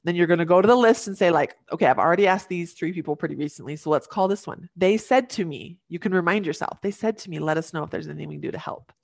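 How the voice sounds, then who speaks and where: Speaking quickly on the low side with vocal fry and hardly any pauses, a young woman guests on a podcast to give advice. She earnestly, warmly walks listeners through practical tips, acting out lines they could say. The studio sound is clean, without echo.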